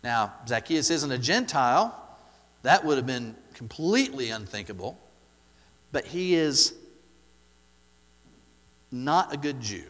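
Animated preacher with swooping delivery. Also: male voice, medium pitch, slow pace, pauses often, big-room sound. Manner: rhetorical questions, emphatic repetition, wide swings in loudness. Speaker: pastor. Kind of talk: sermon.

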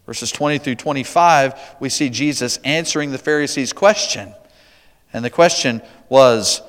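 A man preaching a sermon, verse by verse, with emphatic rises and quiet asides. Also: medium pitch, big-room sound. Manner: emphatic, swings from loud declarations to quiet asides. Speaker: pastor.

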